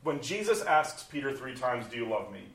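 A man preaching a sermon, animated, moving between loud exclamations and soft hushed passages. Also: mid-range voice, normal speed, vocal fry. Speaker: pastor. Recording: roomy, from far off the mic.

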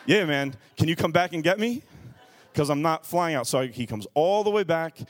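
Animated man preaching a sermon. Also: on the high side, normal speed. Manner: animated, acts out other people's voices. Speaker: pastor. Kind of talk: sermon with comic storytelling.

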